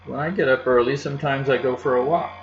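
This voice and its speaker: Man voicing a timid young girl, soft, hesitant, storybook reading, dull lo-fi sound. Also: mid-range voice, fairly even intonation, fast talker, slight background noise, pitched above the performer's own voice, lightly acted. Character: shy quiet young girl.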